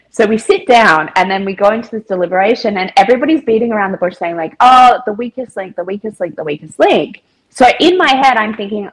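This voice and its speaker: A woman's voice: mid-range voice, poor audio. A woman chatting as a podcast guest, telling a story in a casual, chatty way, with lots of filler words and quoted dialogue.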